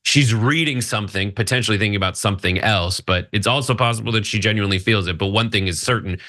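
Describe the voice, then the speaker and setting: A male co-host on a political news show with a bright, tense voice. He jokes and mocks as he talks, casual and quick with his opinions. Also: lowish voice. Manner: joking, mocking impressions. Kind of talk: political commentary chat.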